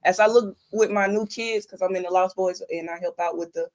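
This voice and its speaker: A woman's voice: mid-range voice, fairly even intonation, a little fast, a little mellow. A young woman mentoring kids, talking earnestly in a casual conversation and telling stories with quoted advice. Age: young adult.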